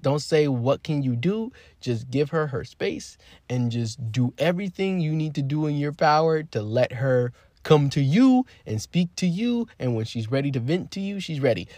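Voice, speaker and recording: A man in his twenties telling his own story on a podcast in a rambling, candid way, swearing freely and swinging from quiet to emphatic. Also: medium pitch, no echo. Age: 20s. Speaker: podcast host. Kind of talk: casual personal storytelling.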